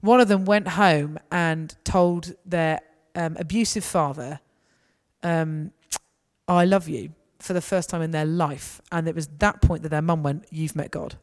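A woman's voice: deep voice, fairly even intonation, a little slow. A woman giving a conversational, anecdotal talk to a gathering. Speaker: speaker. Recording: reverberant hall.

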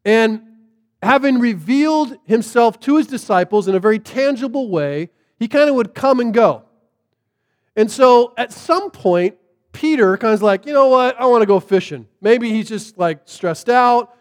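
A man's voice: very high-pitched, animated, a little slow, in a large hall. A man preaching a sermon, telling the story casually and animatedly, with plenty of fillers. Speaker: pastor.

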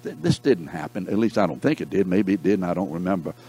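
Lively low-voiced Bible teacher. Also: male voice, quick pace, breathy edge. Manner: animated, joking storyteller who calls on students by name. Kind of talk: Bible lesson to a class.

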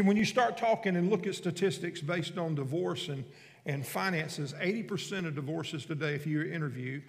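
Storytelling pastor with a fairly high voice. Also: male voice, vocal fry, in a large hall. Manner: storytelling, joking with the congregation. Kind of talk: sermon.

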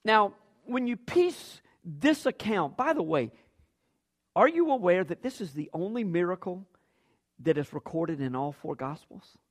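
A man's voice: high-pitched, big pitch swings, measured pace. A man preaching a sermon as pastor, acting out quoted lines with big jumps in his voice.

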